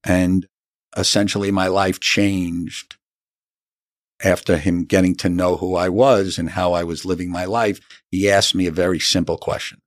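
A middle-aged man with a very low voice tells his life story in an earnest, unhurried way. He acts out remembered conversations as he goes. The sound is dry and close, with no room around it. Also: little pitch movement, no room sound. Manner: earnest, acts out quoted dialogue. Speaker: author and interview guest. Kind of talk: reflective storytelling in an interview.

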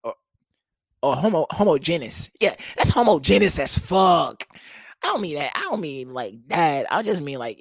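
A man's voice: medium pitch, lively intonation, normal speed, no room sound. A young man hosting a casual solo podcast, joking crudely and laughing often, close to the mic. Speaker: podcast host. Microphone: close studio mic.

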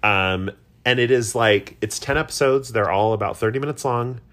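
A man's voice: mid-range voice, moderate pace, fairly bright tone. A man co-hosting a podcast, chatty and self-deprecating in casual conversation. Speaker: podcast co-host. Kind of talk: casual chat.

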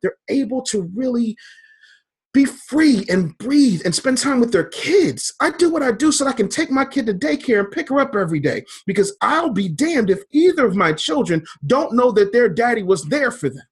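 Fervent husky-voiced man. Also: very high voice, big pitch swings, normal speed. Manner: fervent, preacher-like, builds in repeated phrases. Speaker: business coach and speaker. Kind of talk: motivational interview talk.

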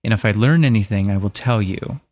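A man co-hosting a casual talk show, reading a passage aloud in a steady, plain voice between chat. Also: on the low side, brisk, no room sound. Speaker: podcast co-host reading scripture.

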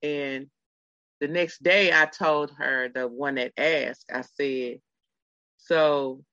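A middle-aged podcast host spins a story at an easy, unhurried pace, talking straight to the listeners. The voice sounds bright and forward. The sound is dry and close, a little dull and lo-fi. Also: mid-range voice, fairly even intonation, no room sound. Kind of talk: casual podcast chat.

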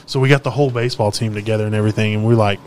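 Fast-talking profane young man storyteller. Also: lowish voice. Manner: profane, animated storyteller acting out quotes. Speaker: podcast host. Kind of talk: casual storytelling chat.

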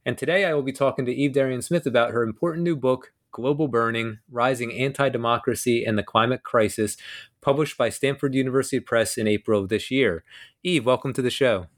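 Male podcast host, interviewer, halting, filler-heavy. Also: medium pitch. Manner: halting, lots of you knows.

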